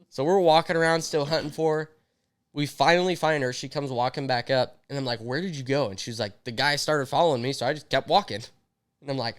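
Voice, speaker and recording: Young man, podcast co-host, smooth clear voice, animated storytelling, mid pitch. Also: a little fast. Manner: animated, acts out quotes. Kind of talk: casual storytelling chat.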